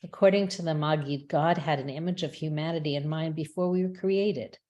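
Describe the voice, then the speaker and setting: Woman, low voice, measured reflective reading, webinar talk. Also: mellow, dull audio. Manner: measured, reflective delivery with small restarts. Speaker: rabbi and chaplain speaker. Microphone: webinar microphone.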